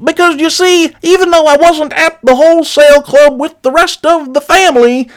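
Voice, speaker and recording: A man's voice: very high voice, steady tone, normal speed, pitched above the performer's own voice. A man voicing a pompous, fussy doctor character in a comedy voicemail, speaking in a prim, overly polite way.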